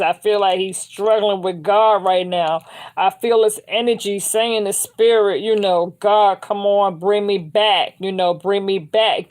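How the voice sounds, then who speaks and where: A woman's voice: medium pitch, a little mellow. A woman giving a spiritual tarot reading in a loose, conversational way, often adding "you know what I'm saying.". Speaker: tarot reader.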